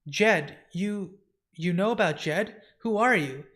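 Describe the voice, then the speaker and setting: A man's voice: sits high, takes it slowly, a bit bright. A man voicing a blunt, wary young woman in her twenties while reading a comic. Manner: blunt, plain-spoken.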